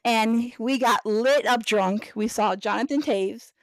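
A woman hosting a podcast, telling a story in a casual, animated way, acting out voices and laughing often. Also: on the high side, measured pace, no echo. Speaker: podcast host.

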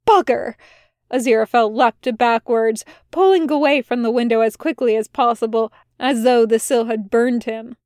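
Slow, measured woman narrator. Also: on the high side, darkish tone, no echo, clean studio sound. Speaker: fan audiobook reader. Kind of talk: storybook narration.

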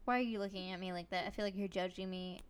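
A woman's voice: medium pitch, fairly even intonation, fast, slight background noise. A woman hosting a podcast, chatting casually with a playful, teasing, giggly manner. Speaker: podcast host. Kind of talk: casual chat.

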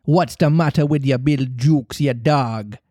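A man reading aloud and voicing a cruel male pirate captain with slow, steely, theatrical threats. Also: medium pitch, warm tone, no room sound, studio quality, close to an everyday voice. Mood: menacing.

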